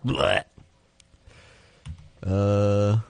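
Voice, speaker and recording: A man streaming a video game and chatting casually, animated and prone to mimicking people. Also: fairly low pitch, very slow, gravelly, smooth. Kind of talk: casual chat while gaming.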